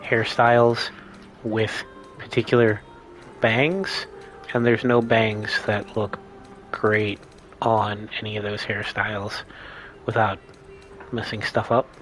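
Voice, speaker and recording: A man's voice: lowish voice, flat delivery, takes it slowly, long pauses, fairly bright tone, slight background noise. A man hosting a casual let's play, rambling and explaining his choices as he thinks aloud. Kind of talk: casual gameplay commentary.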